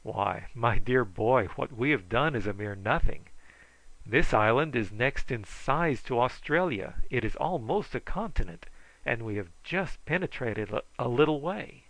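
Give me a teasing, kindly old doctor with a brisk, fatherly manner, as a man reads him. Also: medium pitch, animated, creaky, a bit bright, no room sound, exaggerated voice, low-quality recording. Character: kindly jovial older male doctor.

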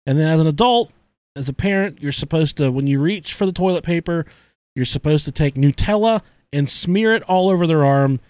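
A young man hosting a casual podcast, joking crudely and swearing freely. His voice sits a little high. The sound is dry and close, with no room in it. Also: a little fast, a little mellow, dry recording. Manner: crude, joking, swearing often, frequent laughter. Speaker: podcast host.

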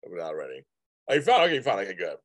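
His low voice swoops wildly in pitch and races along as he hosts a casual livestream. The man rambles, repeats himself and answers viewers' comments, all on a dry recording.

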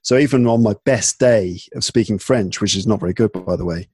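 A tired man from England with an English accent, chatting casually and talking in halting bursts full of restarts and fillers. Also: on the low side, a little mellow, husky, no room sound, studio quality. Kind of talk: casual chat. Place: home in Paris at night.

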